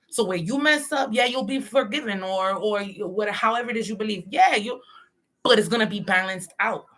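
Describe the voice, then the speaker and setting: A woman's voice: medium pitch, pushed and bright. A woman giving a livestream tarot reading, talking bluntly and streetwise, with plenty of swearing and preachy advice. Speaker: tarot reader.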